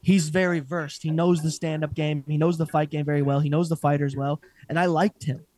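Animated, profane man, a bit high. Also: brisk, soft background music. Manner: profane, animated, laughs often. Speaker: podcast co-host. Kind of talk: casual chat.

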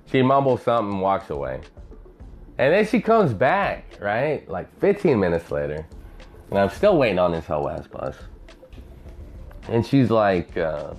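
A man hosting a podcast, telling profane stories in a rambling, casual monologue. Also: medium pitch. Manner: profane, rambling storyteller, acts out voices. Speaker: podcast host.

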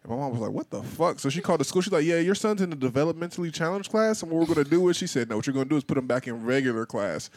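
A young man co-hosting a podcast, telling stories in a relaxed, reflective way. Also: on the high side, racing, hardly any pauses, no echo. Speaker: podcast co-host. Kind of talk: casual chat.

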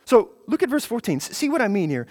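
A man's voice: high-pitched, big pitch swings, fast talker, a little mellow. A man preaching a sermon, emphatic, repeating phrases for stress and building to passionate peaks. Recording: long hall reverb.

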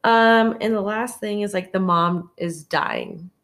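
A woman's voice: mid-range voice, slow pace. Easygoing young woman co-host. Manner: relaxed, brief agreeing replies. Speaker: podcast co-host. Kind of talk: casual chat.

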